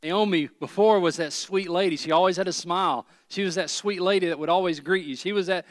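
A man's voice: high-pitched, fairly quick, dry recording, clean studio sound. A man preaching a sermon with emphasis, driving his points home through repeated phrases.

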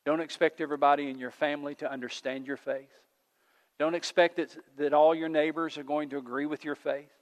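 A male pastor preaches to a gathered congregation in a fairly high voice, driving his points home through repeated phrases that build in intensity. The sound carries a long reverb tail from a large sanctuary. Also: flat delivery, fairly quick. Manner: emphatic, repetitive preaching cadence with rising builds. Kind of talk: sermon. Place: church sanctuary, livestreamed.

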